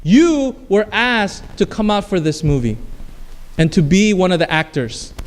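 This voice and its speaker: A man's voice: high-pitched, animated, a little slow, big-room sound. A male pastor preaching a sermon, telling a playful story and acting out the lines of the people in it. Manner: storytelling, acting out scenes with voices and screams.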